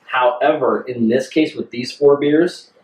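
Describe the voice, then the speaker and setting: A man co-hosting a casual beer-tasting chat, explaining his tastes in a measured way. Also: medium pitch. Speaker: podcast co-host. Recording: echoey room, mic far off.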